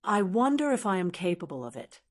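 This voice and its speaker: A text-to-speech woman's voice reading the lines of a proud, troubled young woman in a storybook, in an even, measured way. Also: fairly low pitch. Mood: wistful. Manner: even, measured synthetic delivery.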